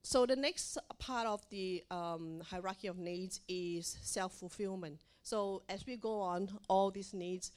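Animated woman speaker from Asia. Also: a little slow, few pauses. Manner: animated, acts out quoted dialogue in a higher voice. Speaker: parenting speaker. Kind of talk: motivational talk to mothers.

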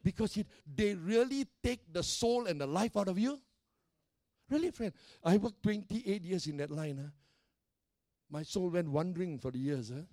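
A middle-aged male pastor preaching with a high, ringing voice that rises and drops for emphasis. His delivery is emphatic, punctuated by quick checks with the congregation, and the sound is dry and close with almost no room echo. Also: animated, mellow. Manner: emphatic preaching with call-and-response tags. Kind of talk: sermon.

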